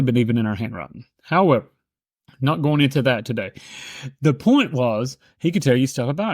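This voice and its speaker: A middle-aged man and sales coach telling stories in a casual, animated way, often slipping into quoted voices. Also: mid-range voice, no echo, clean studio sound. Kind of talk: casual storytelling monologue.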